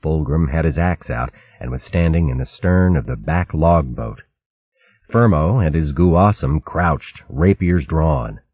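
A man narrates a storybook in a deep voice, with expressive ups and downs. His tone is a little husky and sits close and dry. The sound is slightly muffled. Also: measured pace, dry recording. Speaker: audiobook narrator. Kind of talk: scripted narration.

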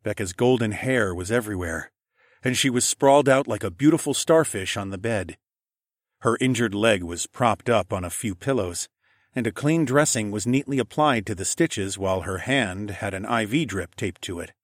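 A man narrating a story in the first person, soft and even. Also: fairly low pitch, normal speed, no room sound, clean studio sound. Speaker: audiobook narrator.

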